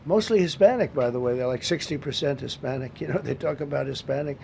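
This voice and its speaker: Gravelly older man speaking bluntly. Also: mid-range voice, quick pace, mellow, a little hiss or hum. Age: 70s. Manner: blunt, repetitive, rambling asides. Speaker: speaker at a press briefing. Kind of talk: off-the-cuff press briefing remarks. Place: government briefing room.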